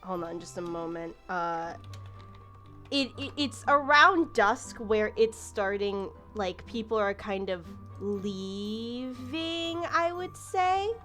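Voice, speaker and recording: A woman's voice: mid-range voice, animated, slow pace, pushed and bright, soft background music. A woman narrating a tabletop game as game master, casual and rambling. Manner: casual, many fillers and restarts.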